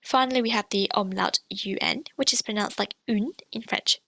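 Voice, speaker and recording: A woman teaching pronunciation, explaining sounds clearly and repeating each example slowly. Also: medium pitch, a bit bright, no echo. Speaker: language teacher.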